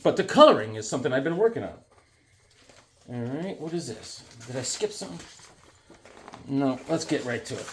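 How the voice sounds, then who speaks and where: Animated man chatting to camera. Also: on the high side, a little hiss or hum. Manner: animated, jumps into quick silly voices and shouts. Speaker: vlogger showing his drawings and comics. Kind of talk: casual chat to camera.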